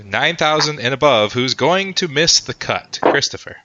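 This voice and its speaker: A man's voice: mid-range voice, lively intonation, moderate pace, background noise. A man hosting a casual sports podcast, joking and rambling with lots of fillers. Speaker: podcast host. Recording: dull lo-fi sound.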